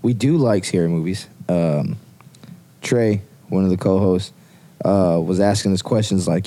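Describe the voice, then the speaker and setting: A man's voice: low-pitched, a little slow, dark tone. A man co-hosting a podcast in casual, rambling chat, swearing freely. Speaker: podcast co-host.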